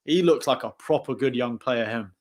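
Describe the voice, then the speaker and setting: A young man hosting a casual post-match football chat on a live stream, talking fast and laughing often. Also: mid-range voice, over a noisy crowd. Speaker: host.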